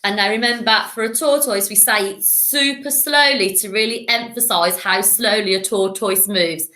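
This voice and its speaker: A woman's voice: mid-range voice, normal speed, bright, forceful tone, roomy sound. A woman teaching a primary school language lesson, encouraging and playful, in a recorded classroom lesson. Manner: encouraging, with playful animal voices.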